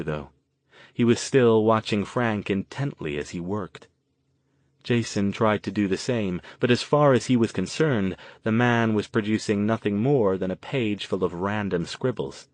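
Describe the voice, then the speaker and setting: A man reading an audiobook novel aloud in an even, measured way. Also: lowish voice, no room sound. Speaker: audiobook narrator. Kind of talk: scripted narration.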